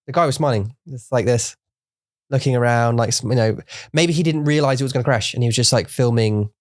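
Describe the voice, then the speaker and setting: A man's voice: medium pitch, brisk, no room sound, studio quality. A male podcast co-host, a native English speaker, chatting casually in a rambling, jokey way and slipping in Mandarin words. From English-speaking country. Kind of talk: casual bilingual chat.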